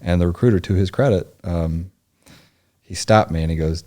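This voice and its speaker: A man in his forties from Indianapolis, a guest on a podcast interview, telling his own story in a halting, rambling way with many restarts. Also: low-pitched, mellow. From Indianapolis, United States. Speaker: podcast guest, former Navy SEAL and historian.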